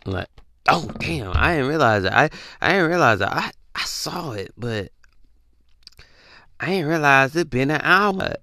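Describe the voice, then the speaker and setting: A man's voice: a little high, very animated, measured pace, pushed and bright. A man hosting a casual comedic podcast rant, talking close to the mic and acting out confused texters in jumpy voices. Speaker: podcast host.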